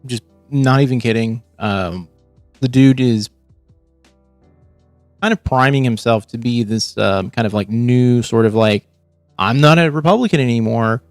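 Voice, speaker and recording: A man's voice: medium pitch, steady tone, a little slow, long pauses, a little mellow, dry recording, faint music behind. Profane, rambling male livestream host. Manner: rambling, profane, restarts often. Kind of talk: casual reaction commentary.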